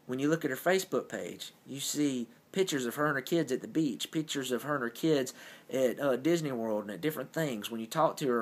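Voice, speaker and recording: A young man delivers a heartfelt motivational talk to camera. His voice sits at an ordinary middle pitch. He sounds earnest and encouraging throughout.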